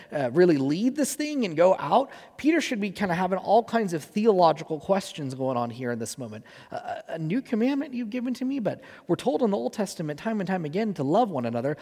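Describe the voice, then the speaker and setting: A man's voice: fairly high pitch, a little mellow. A man in his thirties preaching a sermon as a pastor, earnest and conversational with frequent fillers. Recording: long reverb of a large hall.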